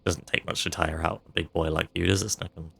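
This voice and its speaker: A man's voice: low voice, little pitch movement, brisk, gravelly, sharp tone, slight background noise, voice pushed down, exaggerated voice. Man doing a cooing older shopkeeper lady. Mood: doting. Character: fussy older woman shopkeeper, doting.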